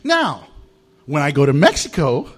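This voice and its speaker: A male American pastor delivers a sermon in a bright, fairly high voice that swoops up and down. He tells funny stories with lots of animation and often laughs at his own jokes before moving to scripture. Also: wildly swooping pitch, measured pace, husky. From United States. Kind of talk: humorous sermon.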